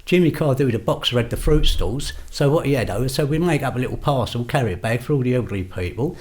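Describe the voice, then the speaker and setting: A man's voice: mid-range voice, animated, fast, darkish tone. An older man, a podcast guest recounting his past in a blunt, storytelling way and acting out the exchanges he quotes. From London. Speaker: guest, former gangster. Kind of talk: storytelling interview.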